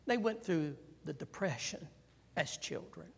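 A man's voice: a little high, a little slow, vocal fry, slightly rough. A man preaching a sermon in a conversational way, checking in with "right?" and calling on the congregation to answer. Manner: animated, calls for congregation response. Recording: long hall reverb.

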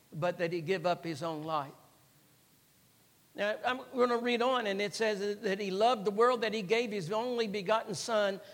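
A man preaching a sermon in an earnest, repetitive way, leaning hard on the key words. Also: high-pitched. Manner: earnest, repetitive, rising to emphatic stresses. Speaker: pastor. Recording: long hall reverb.

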